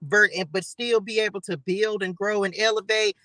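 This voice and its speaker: A man's voice: high-pitched, steady tone, moderate pace, pushed and bright, low-quality recording. A man giving a live spiritual tarot reading, chatty and preachy, often calling viewers y'all and baby. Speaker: tarot reader.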